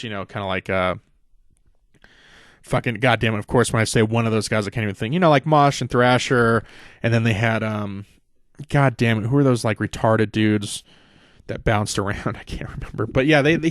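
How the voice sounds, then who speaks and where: A man's voice: medium pitch, no room sound. Guy rambling through a podcast recap, swears a lot, lots of ums, dry close sound. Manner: rambling, profane, many fillers. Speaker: podcast host. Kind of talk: casual wrestling recap.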